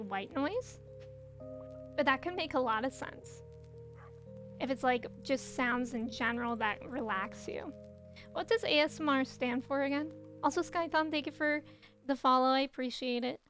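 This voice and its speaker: Woman streamer, high voice, slightly nasal, bubbly and chatty, faint music behind. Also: fairly bright tone. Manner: bubbly, chatty, laughs often. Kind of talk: casual chat while gaming and reading chat.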